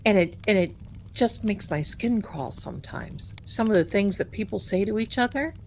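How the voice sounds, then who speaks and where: A woman's voice: mid-range voice, lively intonation, normal speed, a little mellow, a little hiss or hum. An American woman hosting a casual livestream, chatty, repeating herself and sometimes dropping to a whisper. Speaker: livestream host.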